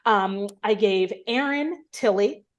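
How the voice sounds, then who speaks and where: A woman in casual conversation who teases her co-hosts in a lively way. Her voice sits at a middle pitch. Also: dull audio. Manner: teasing, lively, quick to laugh. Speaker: podcast co-host. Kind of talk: casual chat.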